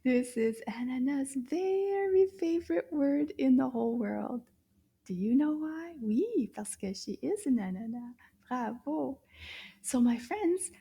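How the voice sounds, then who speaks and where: Slow, gentle children's French teacher. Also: female voice, high voice, gravelly. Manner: slow, animated and exaggerated, gasping with delight. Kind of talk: children's language lesson.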